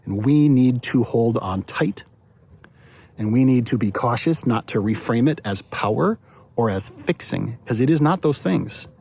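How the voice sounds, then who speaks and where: A man, a pastor, giving a short devotional talk in a relaxed, conversational way, often restarting and repeating words. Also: mid-range voice, unhurried, creaky, husky. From United States.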